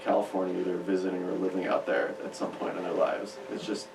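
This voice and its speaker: A man's voice: sits low, completely flat delivery, fast talker, gravelly, noisy background. Chatty man, roomy distant radio mic. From Chicago. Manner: chatty, rambling. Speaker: musician guest. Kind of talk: casual radio interview. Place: radio studio.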